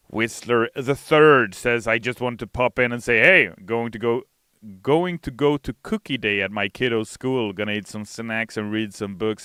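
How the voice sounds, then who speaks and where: A man's voice: lowish voice, bright, forceful tone, clean tone, no room sound. A man hosting a game livestream, casually reading chat messages aloud and answering them from a studio. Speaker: game stream host.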